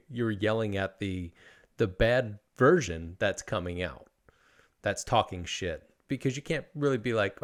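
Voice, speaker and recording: Male podcast host, thirties, lowish voice, casual and profane, rambling delivery. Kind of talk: casual conversational interview.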